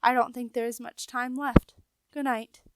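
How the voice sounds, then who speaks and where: A woman's voice: on the high side, flat delivery, moderate pace, heavy background noise, close to an everyday voice. A woman voicing a young royal girl who is insistent and stern.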